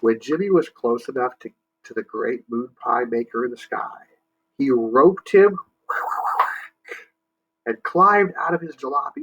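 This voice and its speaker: A male teacher reads a picture book aloud to children. His bright, slightly husky voice moves at a slow, patient pace. He pauses to explain words and invites the kids to join in, on a dull, lo-fi recording. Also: mid-range voice.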